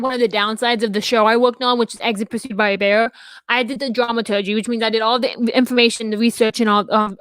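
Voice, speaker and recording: A woman's voice: on the high side, no room sound. A young adult woman co-hosting a podcast, talking in casual chat that rambles with frequent restarts and fillers. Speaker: podcast co-host and theater dramaturg.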